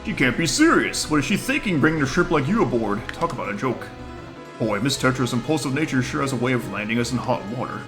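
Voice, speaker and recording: A man voicing a gruff male pirate deckhand in a video game, talking tough and mocking. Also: mid-range voice, big pitch swings, fast, music in the background, natural voice.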